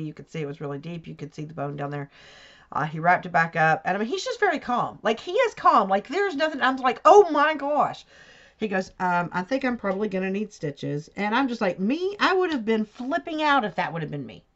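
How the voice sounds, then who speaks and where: A woman's voice: lowish voice, expressive, brisk, a bit bright. A woman chatting casually while she crafts, telling a story at a rambling pace and correcting herself along the way. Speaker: crafting vlogger. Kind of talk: casual chat while diamond painting. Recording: dull lo-fi home recording.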